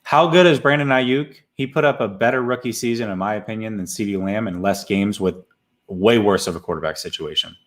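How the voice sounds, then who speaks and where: A man's voice: fairly low pitch, fairly quick. A man co-hosting a casual sports talk show, giving blunt, emphatic opinions.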